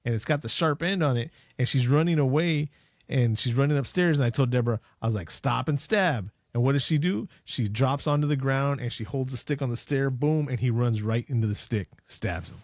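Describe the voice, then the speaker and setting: A man co-hosting a podcast, casually recapping a movie plot with jokes and quick acted-out lines. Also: medium pitch, a little mellow, dry recording. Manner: jokey, acts out scenes in quick voices. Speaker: podcast co-host.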